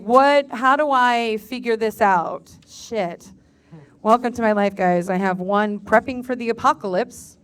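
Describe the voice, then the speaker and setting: A middle-aged woman doing a live stand-up comedy set in a bar, telling sarcastic, profane stories about raising her kids. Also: on the high side.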